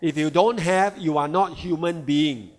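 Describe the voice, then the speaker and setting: A man giving a sales seminar talk on a product, often asking the audience "right?" and "all right?". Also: on the high side. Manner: slow, repeats "all right" and rhetorical questions. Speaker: product presenter.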